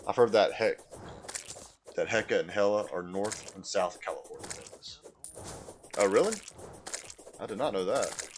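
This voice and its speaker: A man's voice: lowish voice, lively intonation, measured pace, pauses often, a little hiss or hum. A man with a mild Southern US accent, live-streaming a game in casual chat, reading and answering chat and easily amused.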